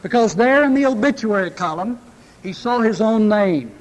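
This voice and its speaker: A man preaching a sermon, reading scripture and then telling an illustration story with dramatic pauses. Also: high-pitched, lively intonation. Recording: long hall reverb.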